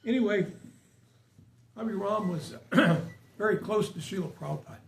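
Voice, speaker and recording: Before a small live audience, a man gives an informal spiritual talk, chatting conversationally and asking them questions. His high voice is gravelly at a moderate pace, captured roomy on a distant mic with faint hiss.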